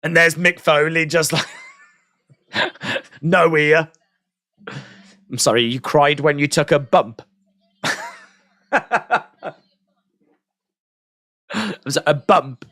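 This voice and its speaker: A man commentating casually over a live stream, chatty and quick to laugh at what he hears. His voice sits a little high, and the sound is dry and close to the mic. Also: expressive, bright, forceful tone, no echo. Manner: chatty, reacting with laughs and asides. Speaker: host of a wrestling watch-along stream.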